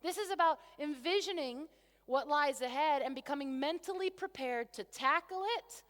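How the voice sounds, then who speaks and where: A woman coach giving an energetic keynote to a conference crowd, asking rhetorical questions on a stage microphone. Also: high-pitched, moderate pace. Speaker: motivational coach. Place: large convention centre hall. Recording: long reverb of a big hall.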